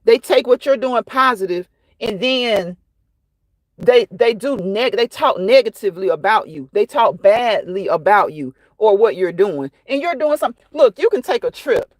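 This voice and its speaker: A woman's voice: medium pitch, animated, normal speed, dry recording. A woman hosting a casual livestream, chatting and fussing while she answers viewers by name. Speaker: livestream host reading chat.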